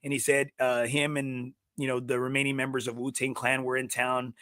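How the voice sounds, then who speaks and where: A man hosting a golf podcast, telling stories in casual chat, swearing freely and bursting into shouts. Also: mid-range voice, flat delivery, fairly quick, no room sound, clean studio sound. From South Texas. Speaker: podcast host. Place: podcast studio.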